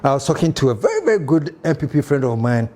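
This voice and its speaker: A man with a Ghanaian English accent hosting a political commentary show, emphatic and animated with mocking asides. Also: a little high, quick pace, a little hiss or hum.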